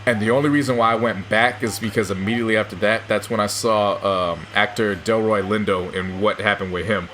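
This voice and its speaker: A man's voice: fairly low pitch, fairly even intonation, brisk, hardly any pauses, fairly bright tone, slight background noise. A man co-hosting a podcast in casual chat, retelling stories with hesitations and quoted lines. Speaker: podcast co-host.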